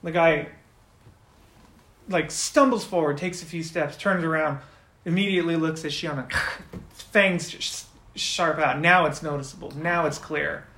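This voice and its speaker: A man running a tabletop role-playing game as game master, narrating the scene and now and then voicing characters with sudden loud outbursts. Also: fairly high pitch, steady tone, measured pace, echoey room.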